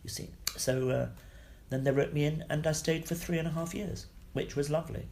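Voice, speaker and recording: An older man, a guest actor, telling anecdotes in an interview, lively, swearing freely and laughing between stories. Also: fairly high pitch, brisk, vocal fry.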